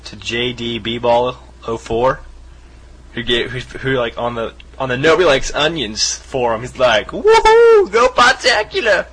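A man co-hosting a podcast in casual chat, quick to joke and react. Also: medium pitch, steady tone, fairly bright tone, husky, rough recording. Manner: joking, quick reactions and laughs. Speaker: podcast co-host.

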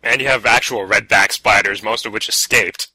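A man's voice: on the low side, steady tone, normal speed, sharp tone, breathy edge, dry recording, poor audio. A man hosting a casual podcast, easygoing and laughing often as he reads out listener submissions. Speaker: podcast host.

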